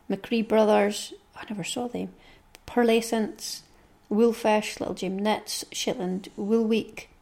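A woman's voice: medium pitch, darkish tone. A middle-aged woman, hosting her own podcast in a chatty, rambling monologue and reading through a long list. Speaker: knitting podcast host. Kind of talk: casual monologue.

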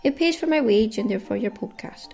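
Fast and creaky yet a little mellow, this fairly high female voice has lively intonation, with soft music playing behind it. She's a Caithness woman from the far north of Scotland, speaking in her local accent as she hosts a chatty solo podcast and reads listener names aloud.

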